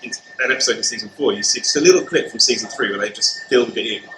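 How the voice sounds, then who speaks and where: A man hosting a podcast, chatting casually in a quick, animated way with some restarts. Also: medium pitch. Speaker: podcast host. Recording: echoey room with background noise.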